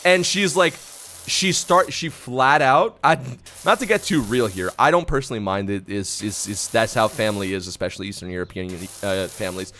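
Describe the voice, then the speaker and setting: A man's voice: lowish voice, normal speed, slight background noise. A young man streaming live, telling stories in a casual, profane, ranting way. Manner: profane, ranting, animated storytelling.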